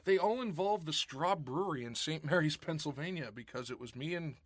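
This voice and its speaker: A man's voice: fairly high pitch, fairly quick, husky, no echo. A man co-hosting a casual podcast, rambling and joking, telling old puns and chuckling at them. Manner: rambling, jokey, laughs at his own puns. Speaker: podcast co-host. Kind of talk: casual chat.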